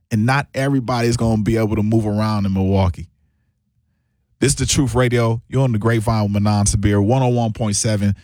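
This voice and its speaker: Man, talk radio host, halting delivery, frequent restarts, dry close studio sound. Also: medium pitch, dry recording. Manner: halting, restarts often, voice lifts on emphasis. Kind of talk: casual talk radio commentary.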